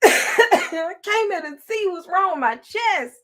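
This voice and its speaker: A woman, telling a story in casual chat with her followers, laughing often and swinging from loud to hushed. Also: very high voice, lively intonation, takes it slowly. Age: 40s. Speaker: online host talking to followers.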